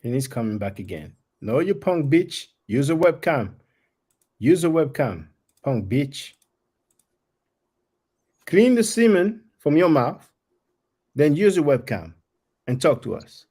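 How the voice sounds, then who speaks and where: A man hosting a live stream, with a husky, slightly breathy voice at a middling pitch. He talks bluntly and mocks the callers who interrupt him. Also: very animated, slow pace, pauses often, mellow. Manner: blunt, mocking, confrontational. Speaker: livestream host. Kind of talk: live stream talk with guests.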